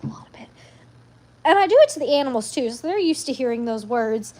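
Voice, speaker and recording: A woman hosts a casual live stream. She talks in a high voice and rambles from one thing to the next. She throws in sassy asides. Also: expressive, quick pace, a little mellow.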